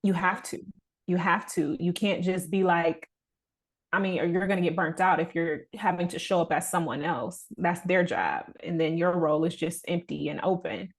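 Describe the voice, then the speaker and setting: A woman's voice: fairly low pitch, moderate pace, breathy edge. A young adult woman speaking as a podcast guest in casual conversation, earnest and reflective with a motivational push.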